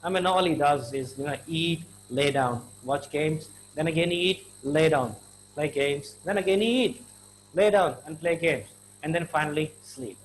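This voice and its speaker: A man's voice: on the high side, a little slow, slight background noise, poor audio. A man with an Indian English accent teaching slang in a chatty, informal lesson, full of fillers and acted-out little dialogues.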